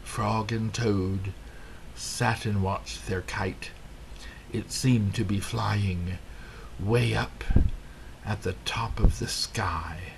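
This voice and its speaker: A man narrating a children's storybook at an unhurried pace. His voice has a gravelly, creaky texture, and he reads every line with deliberate care. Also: lowish voice, steady tone, noisy background. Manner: slow, deliberate reading aloud. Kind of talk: scripted narration.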